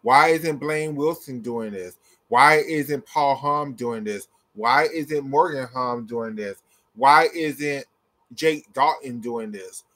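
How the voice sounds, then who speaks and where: Young man, ranting vlog commentary, blunt, profane, repetitive, middle pitch. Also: slow, sharp tone. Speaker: gymnastics commentator.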